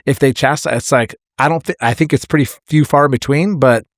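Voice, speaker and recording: A man's voice: medium pitch, a little fast, dry recording, clean studio sound. A man, a firefighter and podcast co-host, telling a hard call story in candid casual chat and swearing freely as it gets emotional.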